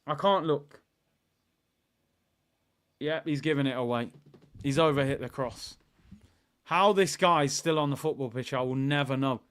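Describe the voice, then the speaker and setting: A young man hosting a live football watchalong, chatty and excitable, bursting into shouts at big moments. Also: mid-range voice, unhurried, pauses often, clear, resonant tone.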